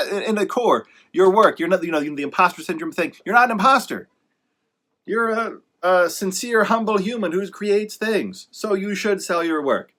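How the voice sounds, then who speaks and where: Man with a fairly high voice, casual pep talk, rambling, self-correcting, emphatic, sarcastic asides. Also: a bit bright. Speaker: author giving writing advice. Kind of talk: casual motivational monologue.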